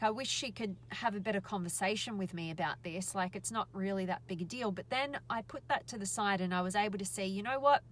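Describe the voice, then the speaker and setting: A woman's voice: medium pitch, fairly bright tone, a little hiss or hum. A woman, a speaker and life coach, telling a story in a casual, rambling way with many fillers, talking live into a phone from a parked car. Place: inside a parked car by the road.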